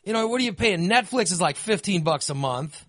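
A man hosting a podcast, chatting casually and ranting with animated, profane energy. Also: sits high, fairly quick, no echo, studio quality. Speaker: podcast host.

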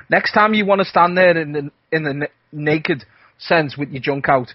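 Husky man with wry teasing quips. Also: a little high, unhurried, no room sound. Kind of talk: casual chat. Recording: dull lo-fi recording.

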